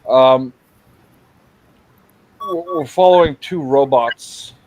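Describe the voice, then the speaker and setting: A man's voice: mid-range voice, slow, darkish tone, dry recording, rough recording. Rambling male livestream host. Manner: rambling, restarts and jokey asides. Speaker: show host. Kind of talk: casual livestream chat.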